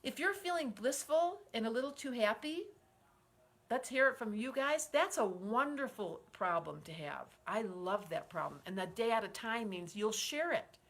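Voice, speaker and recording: A woman's voice: a little high, expressive, normal speed, fairly bright tone. A woman in her sixties hosting a live stream as an astrologer. She is effusive and encouraging, reads viewer comments aloud and leads group breathing. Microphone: livestream setup.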